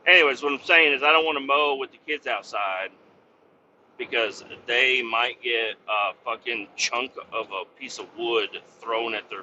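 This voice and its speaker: Host, male, sharp bright voice, swears and rambles, slightly muffled lo-fi recording. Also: medium pitch, slight background noise. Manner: profane, rambling, full of fillers. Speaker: podcast host. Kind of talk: casual rambling monologue.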